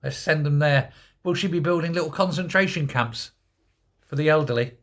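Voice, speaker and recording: A man's voice: a little high, normal speed, fairly bright tone. An older man giving a scornful, sarcastic opinion rant as a political commentator.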